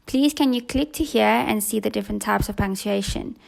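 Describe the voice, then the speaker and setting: A woman teaching a remote lesson to young children in a patient, clear instructional tone. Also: mid-range voice, fairly quick. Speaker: primary school teacher.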